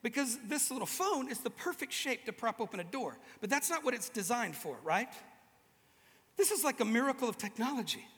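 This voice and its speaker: A man with a very high, bright voice delivers a lively, joking sermon. He acts out little voices as he goes. The sound carries a long hall reverb from a large room. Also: a little fast. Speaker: preacher. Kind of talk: humorous sermon to a live audience.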